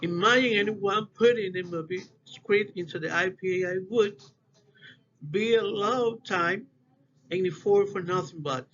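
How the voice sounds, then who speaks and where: A man with a fairly high voice gives a class presentation, speaking slowly and haltingly and repeating example words. The recording is dull and lo-fi, with a faint hiss of noise behind him. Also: a bit bright. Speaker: student presenter. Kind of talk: class presentation on word stress.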